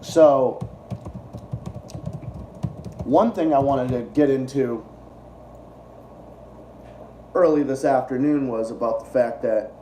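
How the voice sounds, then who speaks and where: A man's voice: mid-range voice, measured pace, long pauses, warm tone, roomy sound, far from the mic, slight background noise. A young man hosting a livestream, ranting in a profane, repetitive and exasperated way. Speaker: political livestream host. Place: room at home, eating while streaming.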